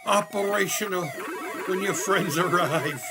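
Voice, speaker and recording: A man's voice: sits high, measured pace, over loud music. A man voicing a gleeful, evil old male emperor who taunts with relish. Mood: gloating. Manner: taunting, gloating.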